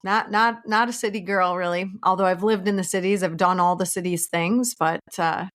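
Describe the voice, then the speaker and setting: A woman's voice: on the low side, fairly even intonation, normal speed, fairly bright tone. A woman from small-town Minnesota with a Minnesotan accent, a realtor chatting as an interview guest in a friendly, storytelling way. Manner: friendly, storytelling, laughs easily. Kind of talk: casual interview chat.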